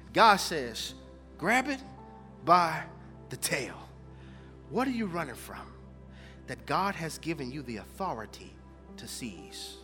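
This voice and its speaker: Animated high-voiced preacher. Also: male voice. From Houston, Texas. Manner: swings between hushed lows and loud, near-sung peaks. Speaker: pastor. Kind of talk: sermon with prayer.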